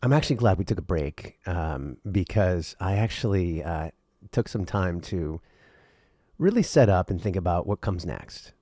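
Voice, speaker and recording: A male podcast host talking alone, earnest and rambling, with a lot of repeated words, going from intense to quiet and emotional. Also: deep voice, dry recording, clean studio sound. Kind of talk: reflective solo podcast monologue.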